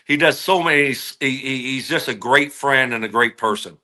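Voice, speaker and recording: A man's voice: medium pitch, normal speed, bright, forceful tone. A man in his forties, a former wide receiver and podcast guest, telling a story casually and animatedly, his voice jumping up when he replays his own outbursts.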